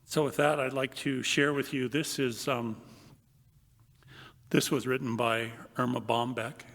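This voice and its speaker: An older male priest giving a homily, slow and reflective with long pauses, and reading aloud with lively comic emphasis. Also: mid-range voice. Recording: long reverb of a large hall.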